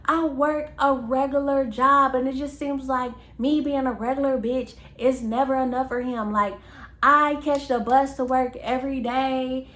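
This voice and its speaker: A woman's voice: sits high, fairly even intonation, unhurried, a bit bright, pitched above the performer's own voice. A woman voicing an upset young woman who complains and pleads about how her boyfriend treats her. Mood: pleading. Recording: echoey room, faint background hum.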